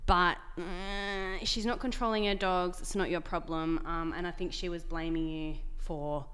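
A woman co-hosting a casual chat podcast, blunt and supportive, reacting with loud exclamations. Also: on the low side, fairly even intonation, unhurried, clean tone. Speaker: podcast co-host.

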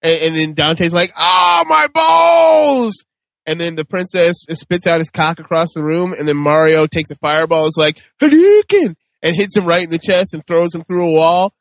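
A man hosts a loose, casual podcast debate and drifts into crude, joking stories. His voice sits a little high. The sound is dry and close. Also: little pitch movement, a little fast, hardly any pauses, dry recording. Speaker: host.

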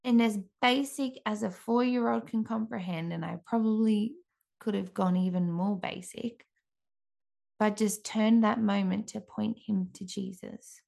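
A woman who hosts a podcast, giving an earnest faith-based encouragement talk with frequent restarts and pauses. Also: mid-range voice, fairly even intonation, creaky, a little mellow. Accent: Australian. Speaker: podcast host.

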